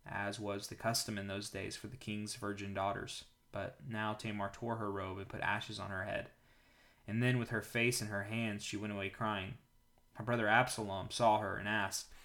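Calm low-voiced man reading scripture. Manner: calm, measured reading aloud. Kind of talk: daily Bible reading with prayer.

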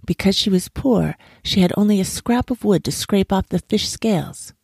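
A woman narrating a children's folk tale in a measured, expressive reading. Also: mid-range voice, vocal fry, breathy edge, no room sound, studio quality. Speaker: storyteller. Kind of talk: storybook narration.

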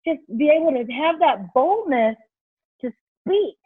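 Brief: high-pitched woman, animated storyteller, dry phone-like sound. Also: unhurried, no room sound. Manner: animated storyteller, acts out quotes. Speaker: guest, children's ministry leader. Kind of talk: storytelling in a faith interview. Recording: tinny phone-like line.

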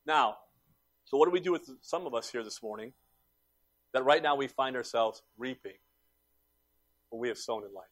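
A male pastor preaching a sermon, swinging between loud emphatic calls and quiet low asides, acting out the voices he quotes. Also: brisk, pauses often, dry recording.

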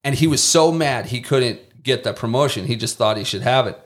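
Podcast guest, male, mid-pitched, laid-back storyteller who imitates the people in his stories. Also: a little fast. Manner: lively anecdotes, mimics people he quotes, casual swearing. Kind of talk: casual storytelling.

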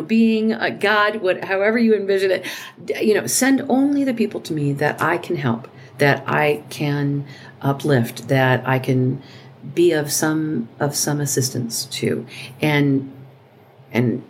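Low voiced woman chatting earnestly, lots of restarts n fillers, a bit of background hiss. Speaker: podcast co-host. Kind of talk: casual heartfelt chat.

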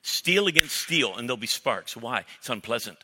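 A middle-aged male pastor preaching a sermon in a blunt, emphatic way, breaking into loud acted-out exchanges. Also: mid-range voice, lively intonation, normal speed, very noisy. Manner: emphatic, blunt preaching with sudden loud mock-dialogue bursts. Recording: reverberant hall.

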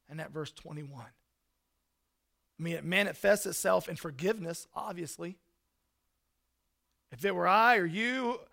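Preacher guy, gravelly voice, kinda high, earnest, gets loud then goes soft. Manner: earnest, preacherly, swings from loud emphasis to soft hushed lines. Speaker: pastor. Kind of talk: sermon.

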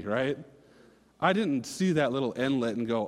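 A man's voice: mid-range voice, sing-song, measured pace, in a large hall. A man in his thirties from Minnesota, preaching a casual, storytelling sermon with fillers and restarts. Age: 30s.

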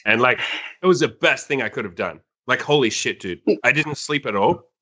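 A young man, a coach, telling a story in casual chat, animated and laughing, with many fillers. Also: mid-range voice, moderate pace.

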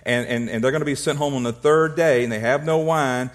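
A man preaching as a pastor, telling humorous stories and acting out little scenes, often repeating words and clearing his throat. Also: medium pitch, brisk. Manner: repeats words and restarts when excited. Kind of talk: sermon.

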